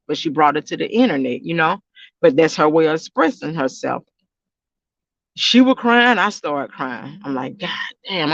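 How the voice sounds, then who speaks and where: High-voiced man, loose casual vlog talk. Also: a bit bright, no echo, muffled recording. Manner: rambling, repeats himself, talks straight to viewers. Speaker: YouTube reaction channel host.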